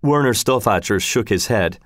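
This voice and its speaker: A man's voice: fairly low pitch, expressive, normal speed, no room sound. A man reading a storybook aloud in a dry, wry narrating manner.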